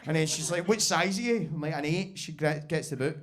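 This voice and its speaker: A young Scottish man with a fairly high voice compering a stand-up night in a basement club. He talks through a handheld mic, sweary and excitable, often cracking up at his own story. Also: fairly quick. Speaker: comedy compere.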